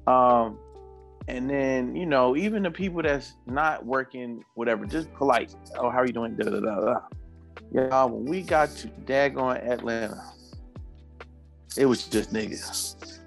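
A man telling a story in casual podcast chat, animated and laughing, acting out the people he quotes and swearing freely. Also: mid-range voice, unhurried, vocal fry, soft background music.

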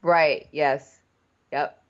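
A woman's voice: sits low, very slow. A woman co-hosting a podcast, chatting casually and opinionatedly about a reality show. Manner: animated, opinionated. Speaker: podcast co-host. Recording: dull lo-fi sound.

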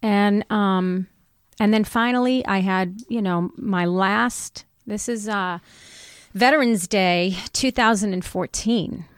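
A woman's voice: mid-range voice, slow, smooth, no room sound. Middle-aged woman, candid storytelling, acts out quotes, dry close sound. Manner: candid, animated retelling with voiced quotes. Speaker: guest. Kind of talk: personal storytelling in conversation.

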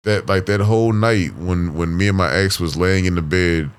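A man with a very low, deep voice talks loosely as a guest on a casual podcast. He rambles, stacks filler words and curses freely as he tells his stories. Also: moderate pace, smooth. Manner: rambling, full of fillers and profanity.

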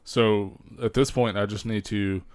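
A man's voice: fairly low pitch, fairly even intonation, a little slow, clear, resonant tone, no room sound. A man in casual chat, easygoing and dry-humored, with hesitant fillers.

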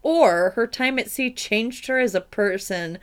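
A woman's voice: a little high, clear, resonant tone. A woman co-hosting a podcast, retelling a fairy tale in casual comic chat with irreverent asides. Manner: irreverent retelling with quick put-on voices for characters. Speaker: podcast co-host. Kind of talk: casual comedic storytelling.

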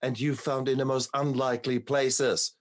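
Male host, mid-pitched, effusive and enthusiastic, swears casually. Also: level tone, moderate pace. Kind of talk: interview conversation.

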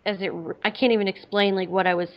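A woman's voice: mid-range voice, steady tone, quick pace. A woman casually telling a personal story, rambling with many "like" fillers. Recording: slightly dull lo-fi audio.

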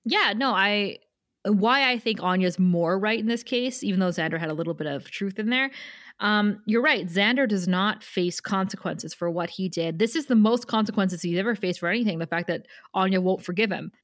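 A woman's voice: medium pitch, moderate pace, fairly bright tone, dry recording. Chatty woman podcast co-host, dry sound. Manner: chatty, laughs often while recapping. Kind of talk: casual episode recap chat.

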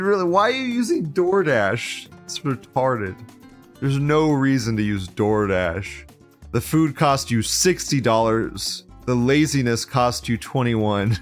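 A man hosting an online show, reading forum posts aloud and reacting with heavy swearing and sarcasm, moving between loud mockery and low muttering. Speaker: livestream show host.

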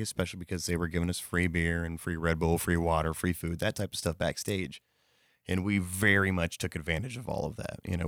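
A man's voice: low-pitched, no room sound, clean studio sound. A man telling a casual anecdote in a rambling way, with fillers, swearing and self-corrections. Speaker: storyteller.

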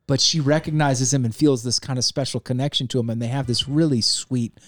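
Excited man recapping a movie. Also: medium pitch, a little fast. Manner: animated, acts out scenes, laughs, swears. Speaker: podcast co-host. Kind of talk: casual movie review chat.

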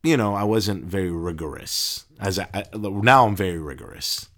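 Animated man telling a funny story. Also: moderate pace. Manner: animated storyteller, stumbles and laughs, pitch jumps when excited. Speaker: interview guest, deacon and pharmacist. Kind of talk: casual storytelling interview.

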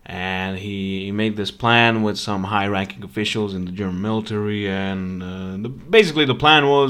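A man's voice: lowish voice, normal speed, hardly any pauses, a bit bright, clear, resonant tone. Rambling, profane man ranting. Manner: profane, rambling, stammering restarts. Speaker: podcast host. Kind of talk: ranting casual monologue.

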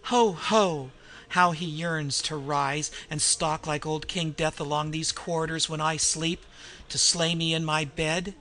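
A man voicing a murderous, insane male innkeeper who roars and booms with mad laughter. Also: steady tone, measured pace, pushed and bright. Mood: manic. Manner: roaring, booming mad laughter.

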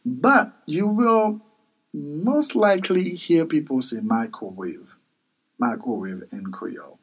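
Male language teacher, slightly high, husky voice; slow, patient drilling of each word. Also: expressive, muffled recording. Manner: patient, repeats words slowly for learners; self-correcting and spelling words out. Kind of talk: vocabulary lesson, repeating each word.

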